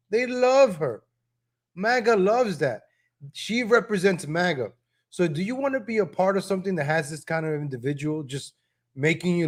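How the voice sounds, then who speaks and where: A man hosting a live stream, talking straight to viewers in a casual, scolding way with frequent "right?" tags and chuckles. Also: sits high. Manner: repeats himself with tag questions. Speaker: live-stream commentary host.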